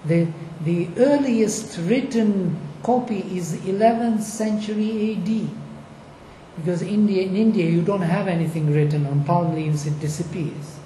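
In an echoey room with faint background noise, a lecturer on Vedic recitation addresses a discussion panel about ancient recitation. The mid-range voice is dark-toned and a little slow, yet emphatic, often posing rhetorical questions.

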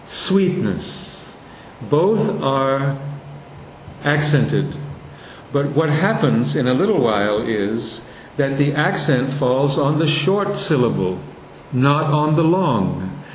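Slow, deliberate male lecturer. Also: mid-range voice, very animated, echoey room, slight background noise, rough recording. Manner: slow and deliberate, repeating and sounding out words. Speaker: teacher. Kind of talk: lecture on verse meter.

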